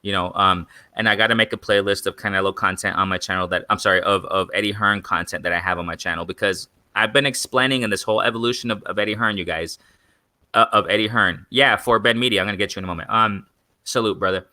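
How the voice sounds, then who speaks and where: A man's voice: fairly low pitch, steady tone, quick pace, bright, forceful tone, no room sound. A young man hosting a live boxing stream, rambling and repeating himself as he keeps calling out to his viewers as "guys.". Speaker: boxing channel host. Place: in Mexico.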